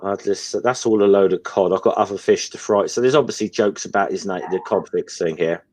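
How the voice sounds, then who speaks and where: A man with a very low voice chats casually while reading comic lines aloud. He stumbles and restarts often and keeps a relaxed, conversational delivery. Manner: halting, reads quoted lines with many restarts. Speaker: co-host.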